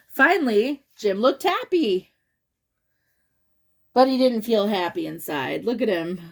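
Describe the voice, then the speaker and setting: A woman's voice: medium pitch, animated, takes it slowly, creaky, long pauses. Chatty woman reading to kids. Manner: chatty, asks the child questions. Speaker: children's story reader. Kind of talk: reading a picture book aloud to children.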